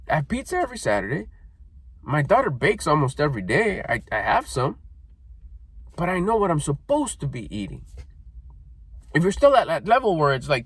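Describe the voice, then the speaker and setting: A man's voice: on the high side, huge pitch swings, fairly quick, a bit bright, breathy edge, dry recording. A middle-aged man giving a blunt, profane motivational talk, scolding listeners and mocking their excuses in whiny put-on voices. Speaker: motivational speaker.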